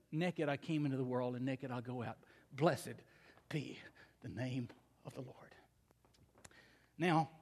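An older man preaching a sermon, telling a folksy family story with slow, emphatic pauses. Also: high-pitched. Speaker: pastor. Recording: long hall reverb.

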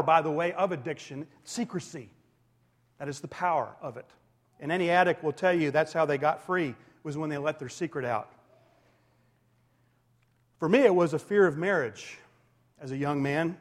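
A man in his forties delivers a sermon from the pulpit, his voice pitched high. He is animated, climbing to loud emphatic peaks and then dropping to near-whispered asides. The sound carries a long reverb from the church sanctuary. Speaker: pastor.

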